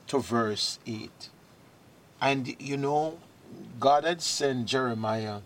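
Slow, deliberate male preacher. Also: mid-range voice. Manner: slow, deliberate preaching, rising in emphasis on key verses. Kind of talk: sermon with scripture reading.

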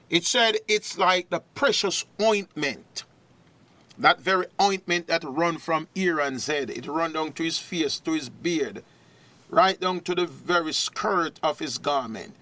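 A man's voice: on the high side, pushed and bright. A man preaching a sermon, reading scripture in a rising, declaiming voice and greeting partner ministries.

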